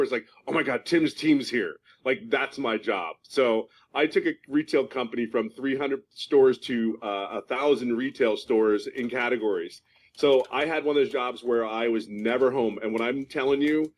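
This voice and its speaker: A man's voice: medium pitch, low-quality recording. A man in his fifties from Philadelphia giving a passionate testimonial, emphatic and repeating himself for stress. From Philadelphia, USA. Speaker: program member giving a testimonial. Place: at home in California.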